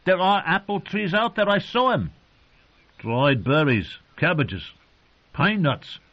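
Eager hungry ranger, pitched high and insistent, voiced by a male narrator; dull audio. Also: expressive, takes it slowly, a bit bright, heavily acted.

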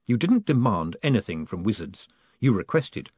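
Husky man narrating an audiobook. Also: on the low side, big pitch swings, normal speed, a little mellow, dry recording. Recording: dull, dry studio read.

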